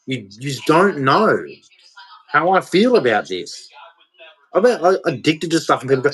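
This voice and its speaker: A man's voice: fairly high pitch, very animated, normal speed, long pauses, fairly bright tone, low-quality recording. A man, ranting in an emotional monologue to camera, repeating himself as he goes. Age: 40s. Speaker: vlogger.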